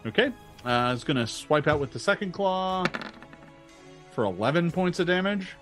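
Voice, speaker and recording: A man's voice: on the high side, normal speed, over music. Joking man running a tabletop game. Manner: relaxed, joking, many fillers. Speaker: game master.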